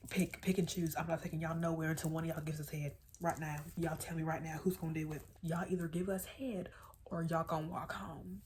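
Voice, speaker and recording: A woman's voice: low voice, little pitch movement, a little fast, a little mellow, a little hiss or hum, lightly acted. A woman putting on the voice of a pushy, crude young man who is swaggering and insistent. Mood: demanding.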